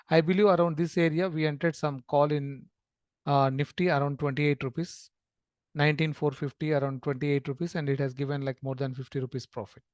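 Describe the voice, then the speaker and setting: A man walks through a trading chart as a screen-share lesson, explaining in a steady, filler-laden way. His voice sits a little high for a man and is recorded close and dry, with no room sound. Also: dry recording. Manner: explanatory, with frequent fillers and restarts. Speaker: trading educator.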